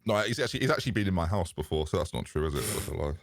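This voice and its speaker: An English man from Liverpool co-hosting a casual podcast, his Liverpool accent worn soft. He talks in a wry, self-mocking tone with a pitch that rises and falls a lot. The recording is close and dry. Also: animated, very fast, no echo. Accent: Liverpool, softened. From Liverpool, England. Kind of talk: casual chat.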